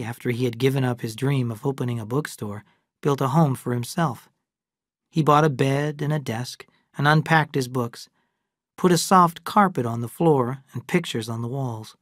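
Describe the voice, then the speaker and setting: A narrator reading a classic novel aloud in slow, clear, evenly paced English for learners. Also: medium pitch, no echo, studio quality.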